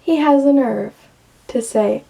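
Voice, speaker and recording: A woman's voice: sits high, slow pace, vocal fry, mellow, a little hiss or hum. A young woman in her late teens, venting candidly and emotionally to camera and swearing freely. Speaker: vlogger.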